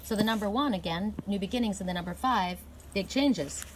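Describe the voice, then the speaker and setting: A middle-aged woman reads oracle cards outdoors, her voice earnest and encouraging with emphatic bursts of excitement. She talks into a camera mic with faint noise behind her. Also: mid-range voice, fairly quick. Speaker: oracle card reader. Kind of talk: outdoor tarot-style card reading. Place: outdoors in the cold by an inn.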